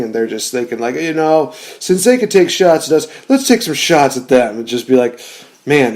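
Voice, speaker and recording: A man with an average-pitched voice talks casually on a podcast. He rambles in a relaxed way and fills his sentences with "you know" and "uh". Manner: relaxed, rambling, frequent fillers. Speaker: podcast co-host. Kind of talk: casual wrestling chat.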